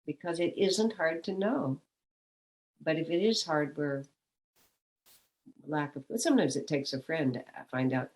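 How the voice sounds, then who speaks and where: A woman's voice: sits low, unhurried, long pauses, darkish tone, rough recording. A woman, a spiritual teacher, giving a reflective satsang talk and asking questions aloud.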